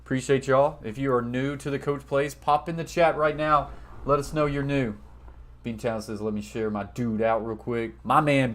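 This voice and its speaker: A man hosting a live basketball watch-party stream, reading viewer comments aloud and thanking them, getting loud when donations come in. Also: mid-range voice. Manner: reads chat messages aloud and thanks viewers, gets loud and excited over donations.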